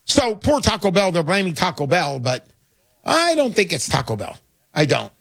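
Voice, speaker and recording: A man's voice: high-pitched, sing-song, normal speed, creaky, fairly bright tone, dry recording. A man hosting a call-in talk show, selling gold with brash, pushy salesman patter. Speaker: radio show host.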